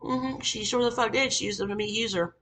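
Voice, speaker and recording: A woman's voice: a little high, fairly even intonation, a little fast, a bit bright, slight background noise. A woman telling an angry storytime rant about an old job, swearing heavily and venting. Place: Tennessee.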